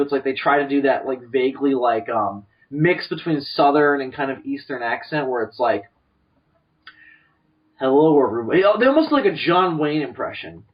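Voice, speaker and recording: A man co-hosting a podcast, rambling through animated opinions with lots of restarts. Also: mid-range voice. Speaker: podcast co-host. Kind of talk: casual chat. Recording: distant, dull lo-fi podcast mic.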